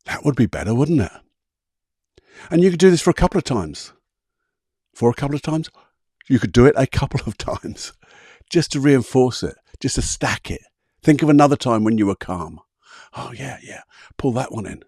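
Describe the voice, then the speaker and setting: A husky-voiced man hosts a solo coaching talk, guiding listeners through visualisation exercises one step at a time. His tone stays conversational and easygoing, and the recording is dry and close. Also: mid-range voice, expressive, moderate pace, long pauses, darkish tone, no room sound. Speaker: podcast host and coach.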